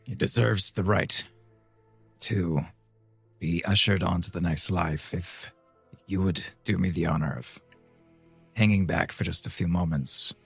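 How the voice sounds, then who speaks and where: A man's voice: low voice, unhurried, creaky, pauses often, fairly bright tone, husky, no echo, faint music behind, full character voice. A man speaking in character as a solemn male adventurer, in a formal, reverent way, during a tabletop game.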